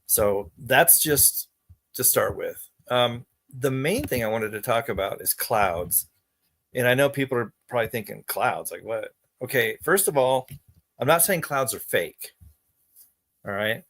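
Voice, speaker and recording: Speaking casually to camera, a male vlogger rambles in an exasperated, conspiratorial tone, often looping back over what he just said. His mid-pitched voice is fairly bright, with lively intonation and an unhurried pace.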